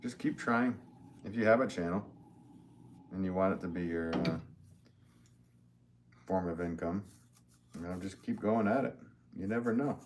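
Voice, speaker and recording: A middle-aged man hosting a live pottery stream, rambling in a friendly way and reading viewers' comments aloud as he shows his pots. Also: low voice. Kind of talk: casual live-stream chat and demonstration.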